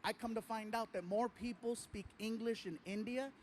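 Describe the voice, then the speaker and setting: High-voiced man doing stand-up. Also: moderate pace, slight background noise. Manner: animated storytelling, acting out other people. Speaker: stand-up comedian. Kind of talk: stand-up comedy routine.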